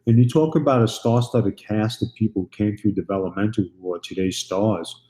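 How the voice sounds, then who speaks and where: A man's voice: on the low side, fairly quick, dark tone, rough recording. A middle-aged man and former wrestler, a guest telling stories and acting out the dialogue. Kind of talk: storytelling interview.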